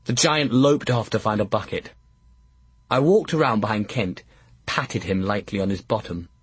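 Husky man narrating an audiobook. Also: fairly low pitch, no room sound. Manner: measured, first-person storytelling.

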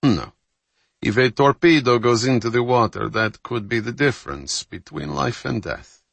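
A man reading as a seasoned submarine captain who speaks in a gruff, matter-of-fact way. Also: mid-range voice, lively intonation, normal speed, fairly bright tone, dry recording. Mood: grim.

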